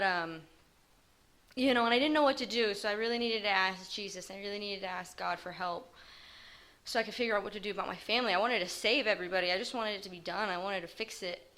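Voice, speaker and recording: A woman giving a personal testimony to a group. Her voice sits low for a woman yet sounds bright and forward. She speaks haltingly, pausing often as she recalls her past. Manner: halting and hesitant, with frequent pauses. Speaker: recovery group member sharing her story.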